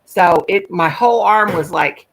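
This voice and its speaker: A woman hosting a live stream, chatting casually and telling a rambling story. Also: lowish voice. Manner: rambling storyteller, quick asides, folksy. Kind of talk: casual chat.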